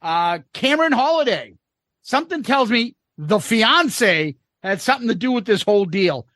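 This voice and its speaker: Male podcast co-host reading listener mail, lively up-and-down delivery, dry close sound. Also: high-pitched, moderate pace, dry recording. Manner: reads comments aloud with wry asides. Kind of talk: casual podcast chat.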